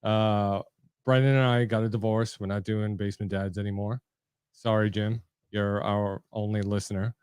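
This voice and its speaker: A middle-aged man in casual podcast chat, his voice smooth and resonant at an ordinary pitch. He talks in a relaxed, joking way with fillers, and the sound is dry and close. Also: moderate pace, no room sound. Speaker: podcast host.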